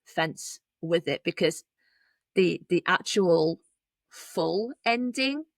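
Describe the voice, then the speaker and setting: A woman's voice: fairly low pitch, expressive, slow, no echo. A young woman co-hosting a film podcast, chatting casually with many fillers and repeats. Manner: chatty, frequent "like" and "you know", repeats herself. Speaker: podcast co-host. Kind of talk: casual film review chat.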